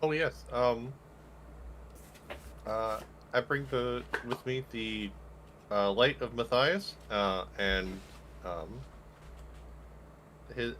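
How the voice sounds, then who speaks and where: A man playing a tabletop game, talking hesitantly with many pauses. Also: on the low side, a bit bright, slight background noise, poor audio. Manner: hesitant, full of ums and pauses. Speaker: player. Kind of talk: in-character tabletop play.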